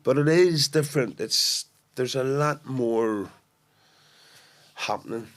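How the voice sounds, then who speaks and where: In a laid-back podcast interview, a guest actor from Belfast talks at a medium pitch and an unhurried pace. He brings his anecdotes to life by acting out what people said, restarting lines often along the way.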